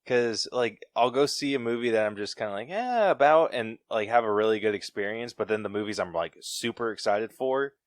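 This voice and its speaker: A man chatting casually on a podcast, excitable and full of "like" fillers. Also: on the low side, fairly quick, few pauses, no echo.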